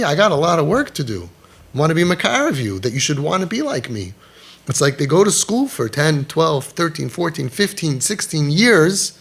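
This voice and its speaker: A man giving a passionate talk as a parenting crisis coach, animated and emphatic, mixing in Yiddish and Hebrew terms. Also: on the high side, normal speed, slightly rough.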